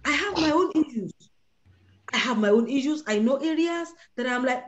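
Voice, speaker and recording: A woman's voice: sits high, expressive, moderate pace, muffled recording. A woman leading a prayer call, preaching and acting out the voices of Bible figures. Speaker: prayer leader. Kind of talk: sermon on a prayer line.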